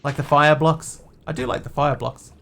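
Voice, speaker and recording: A man streaming a building game, talking through what he does and answering questions from viewers in a relaxed, casual way. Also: on the high side, moderate pace, gravelly. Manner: thinks aloud while building, answering viewers' chat.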